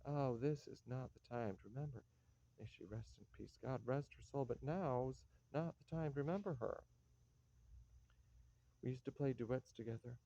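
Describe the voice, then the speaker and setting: A man's voice: mid-range voice, moderate pace, mellow, natural voice. A man playing a weary old father, fond and flustered. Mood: soothing. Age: older. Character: weary aging father, fond but exasperated. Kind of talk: stage play reading. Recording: dull lo-fi recording.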